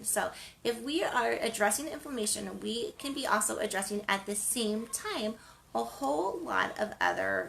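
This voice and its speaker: A woman hosts a wellness segment in a loose, chatty way, circling back and restarting her sentences. Her voice has a gravelly, creaky texture. It also carries a bright, forceful edge. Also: medium pitch, a little hiss or hum. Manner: chatty, rambling, frequent ums and restarts. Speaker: wellness show host. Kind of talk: casual spoken segment.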